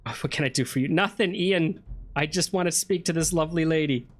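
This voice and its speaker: A man's voice: on the high side, a little fast. A man giving chatty let's play commentary, thinking aloud and questioning himself as he plays an old computer game. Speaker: gameplay streamer.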